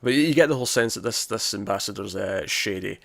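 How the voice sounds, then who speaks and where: Male co-host, rambling casual reviewer, gravelly low voice, dry close sound. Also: fast talker, dry recording. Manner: rambling, lots of restarts and quoted dialogue. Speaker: podcast co-host reviewing a TV episode.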